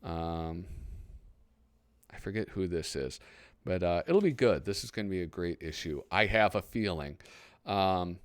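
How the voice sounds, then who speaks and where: A man's voice: deep voice, a little slow, long pauses, clean tone, dry recording. A man in his thirties hosting a casual, rambling commentary while flipping through a magazine. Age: 30s. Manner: chatty, rambling, easily excited. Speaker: host.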